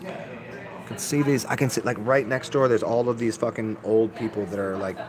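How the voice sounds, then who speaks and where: A man's voice: fairly low pitch, a little fast, a crowd in the background, low-quality recording. A man rambling casually to his live-stream viewers, laid-back and profane, often restarting his sentences. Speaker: livestreamer answering chat.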